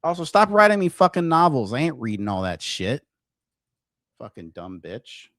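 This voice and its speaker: Man, livestream commentary host, profane ranting, middle pitch, dry close sound. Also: very animated, normal speed, fairly bright tone, no room sound. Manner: profane, combative ranting at chat.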